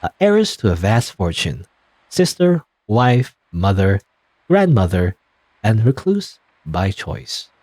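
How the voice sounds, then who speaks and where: A man's voice: lowish voice, huge pitch swings, takes it slowly, darkish tone, no room sound. A man casually commenting on a video game as he plays, rambling and hedging with chuckling asides. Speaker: let's play gamer.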